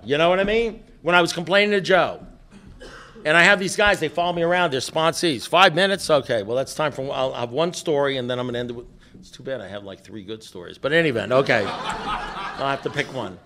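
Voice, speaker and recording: A man's voice: on the high side, fairly quick, fairly bright tone. Blunt, joking middle-aged man telling stories. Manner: joking, blunt and profane, with many restarts. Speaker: speaker at a recovery meeting. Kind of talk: storytelling talk to a meeting.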